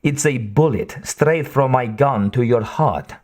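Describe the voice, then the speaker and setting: A man voicing a cold, seductive female sniper who taunts in a slow purr. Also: mid-range voice, darkish tone, lightly acted. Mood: taunting.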